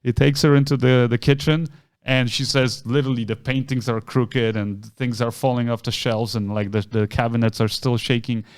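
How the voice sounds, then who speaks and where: A man co-hosting a podcast, casually retelling a story and acting out the voices of the people in it with big jumps in pitch. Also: steady tone, moderate pace, clear, resonant tone. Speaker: podcast co-host.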